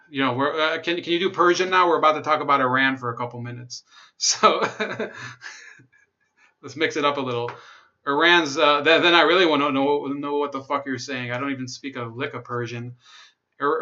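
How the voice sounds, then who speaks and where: A man's voice: medium pitch, sharp tone, dull audio. A young man hosting a livestream, reading news articles aloud and breaking off for sarcastic asides and chat comments. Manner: sarcastic, laughs at own jokes, reads chat comments. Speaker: livestream host.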